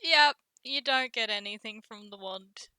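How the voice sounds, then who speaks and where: A woman's voice: on the high side, measured pace, pushed and bright, clear, resonant tone. A woman playing in a tabletop game, tossing in short, giggly reactions. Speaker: player. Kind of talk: casual game banter.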